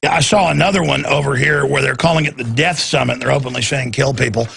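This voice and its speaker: A man's voice: medium pitch, fairly even intonation, quick pace, creaky, a bit bright, breathy edge, no echo. A man hosting a talk show, ranting in a heated, repetitive and sarcastic way. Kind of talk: ranting talk radio monologue.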